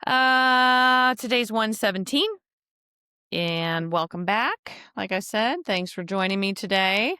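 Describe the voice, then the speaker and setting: A woman hosts a solo podcast, rambling chattily and poking fun at herself, her voice nasal and stuffy from allergies. She speaks slowly in a mid-range voice that is pushed and bright, clear, and resonant. The recording is dry and studio-clean.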